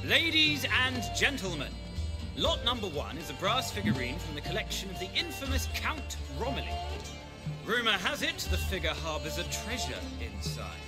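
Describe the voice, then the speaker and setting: Game auctioneer, pompous, grandiloquent, very high, lively pitch. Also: male voice, normal speed, loud music behind the voice. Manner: showy, grandiloquent. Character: pompous theatrical male auctioneer.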